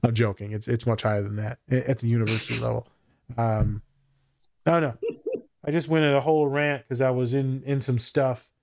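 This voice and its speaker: A man's voice: medium pitch, flat delivery, fairly quick, vocal fry, darkish tone. Male therapist-host, frank and foul-mouthed, loose joking delivery. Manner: blunt, profane and joking. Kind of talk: casual podcast chat.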